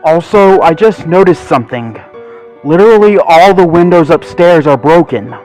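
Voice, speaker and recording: A man's voice: fairly high pitch, lively intonation, moderate pace, a little mellow, faint music behind, pitched above the performer's own voice, natural voice, poor audio. A man voicing a cold male Great Dane who tries to hide his shivering, in a storybook reading. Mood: reporting.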